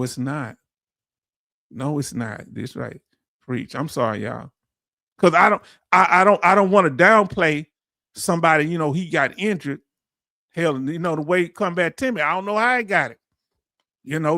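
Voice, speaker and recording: A middle-aged man with a drawl holds forth on his livestream, blunt and impassioned as he answers his chat. His voice sits fairly high for a man. The sound is dry and close, with no room echo. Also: bright, forceful tone. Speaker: veteran livestream host. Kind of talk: casual livestream rant.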